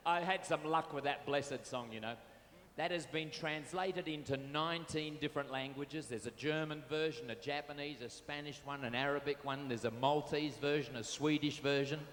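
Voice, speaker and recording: An Australian stage entertainer with a somewhat high, slightly bright voice speaks at normal speed into a corded stage microphone. At a fair venue he cheekily banters and chats with the live audience, teasing the crowd. The recording echoes with the live room and band music.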